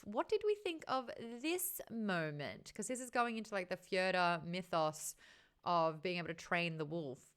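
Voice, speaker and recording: A woman's voice: medium pitch, sharp tone, clean tone. A woman with an Australian accent hosting a casual book discussion, retelling scenes and acting out the characters' lines. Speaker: book club host.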